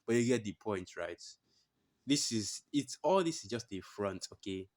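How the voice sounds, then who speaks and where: Lowish voiced guy doing religious commentary, swears a lot, repeats himself to hammer a point. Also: expressive, moderate pace, a little mellow. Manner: blunt and profane, repeats phrases for emphasis. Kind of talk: religious commentary with scripture readings.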